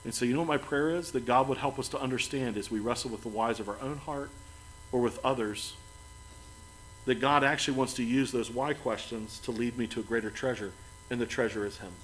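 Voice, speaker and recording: A man preaching a sermon as pastor, earnest, building to emphatic lines and then dropping soft and quiet. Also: medium pitch, fairly quick, a little hiss or hum, rough recording.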